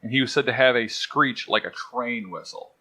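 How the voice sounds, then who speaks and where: A man's voice: mid-range voice, normal speed, sharp tone. A man co-hosting a podcast, telling odd stories in a loose, jokey way. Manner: jokey, digressive storyteller. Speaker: podcast co-host. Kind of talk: casual chat.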